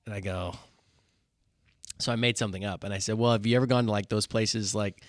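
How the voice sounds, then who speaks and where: A man's voice: fairly low pitch, fairly even intonation, brisk, dry recording, clean studio sound. A man casually telling a funny story on a podcast, acting out the people he quotes and laughing often. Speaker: podcast co-host, former pastor.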